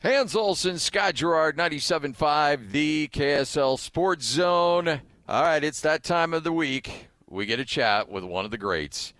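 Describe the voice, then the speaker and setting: A man hosting a sports radio show, introducing a guest and chatting in a relaxed, conversational way. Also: a little high, a little slow, no echo, studio quality. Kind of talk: casual radio chat.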